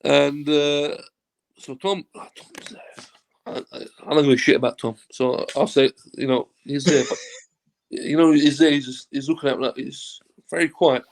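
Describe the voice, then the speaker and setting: Speaking at a normal speed, this man's voice sits slightly high and carries vocal fry. He's a football agent recounting a casual story in an interview, performing the dialogue and cursing without restraint.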